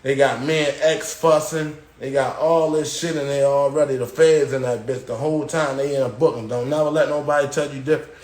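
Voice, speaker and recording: A man casually telling a long story on a live stream, dropping "yo" and "boom" as he goes and acting out the voices of others. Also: fairly quick, hardly any pauses, reverberant. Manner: animated retelling, acting out quoted guards and inmates with raised pitch; slangy, repeats "yo" and "boom". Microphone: phone.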